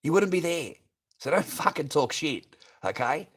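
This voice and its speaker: A man's voice: fairly high pitch, animated, a little slow, fairly bright tone, breathy edge. An Australian man livestreaming, ranting bluntly and profanely as he reads viewer comments aloud and answers them. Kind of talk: ranting live stream chat.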